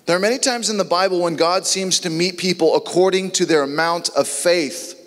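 An earnest male preacher delivers a sermon in a somewhat high voice. His words ring with a long reverb, as if spoken in a large hall. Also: brisk, a bit bright. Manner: earnest, acts out biblical dialogue in voices.

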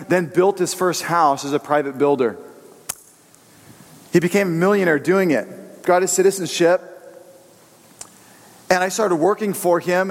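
Earnest preacher man in an echoing hall. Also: on the high side. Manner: earnest, conversational, storytelling. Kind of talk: sermon with personal stories. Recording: long reverberant hall.

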